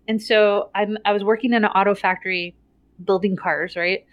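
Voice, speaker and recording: A middle-aged woman telling a story in casual chat, animated and laughing often, with many "like" and "right?" tags. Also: mid-range voice, normal speed, no room sound, lo-fi sound.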